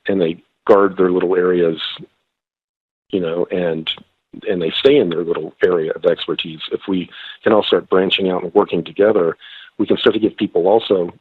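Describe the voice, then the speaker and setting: A slightly hoarse man calling in by phone as a guest, talking hesitantly with many fillers and restarts. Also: sits low, no room sound. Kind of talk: phone-in interview. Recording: tinny phone line.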